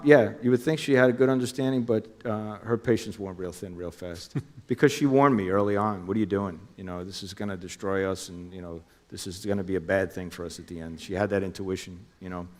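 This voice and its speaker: A man's voice: lowish voice, long reverb tail. A middle-aged man from New Jersey, a former undercover officer, telling his story in an interview and acting out phone calls in quoted voices.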